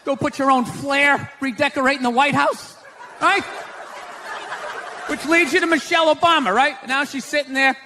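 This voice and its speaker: A man's voice: very high-pitched, moderate pace. A man doing a stand-up comedy set, ranting and sarcastic with a lot of profanity, in front of a live audience. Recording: live show with loud crowd laughter and room noise.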